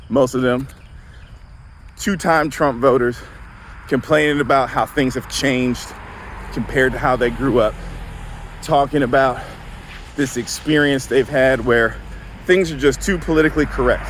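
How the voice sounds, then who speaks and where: A man's voice: mid-range voice, a little hiss or hum. A man in his forties from the Southern US with a Southern accent, a counselor talking in an earnest, conversational way with frequent check-ins. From Southern United States. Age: 40s. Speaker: counselor and vlogger. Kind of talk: reflective monologue. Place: outdoors, walking.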